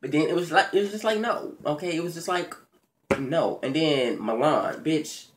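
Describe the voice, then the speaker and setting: A man hosting his own video channel, giving a casual, profane, animated recap of a reality show, with big jumps in pitch and loudness and excited stammers. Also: normal speed, slight background noise. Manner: stammers and restarts when excited. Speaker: YouTube show recap host.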